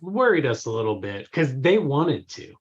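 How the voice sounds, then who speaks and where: A man's voice: medium pitch, big pitch swings, moderate pace, muffled recording. A middle-aged man, a guest on a talk show, telling a funny family story and laughing as he goes. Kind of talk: casual storytelling.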